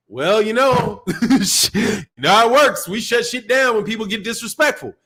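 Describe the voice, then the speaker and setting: A boxing channel host with a Chicago accent rants casually on his live stream. His high voice is husky and sharp, expressive at a moderate pace, and he rambles loosely with plenty of cursing and laughing.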